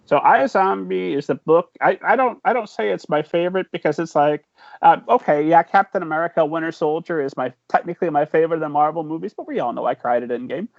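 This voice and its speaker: A man's voice: a little high, fast, gravelly, dry recording. A man hosting an interview with an enthusiastic, joking, fan-like manner. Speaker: podcast host. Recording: dry, dull video call audio.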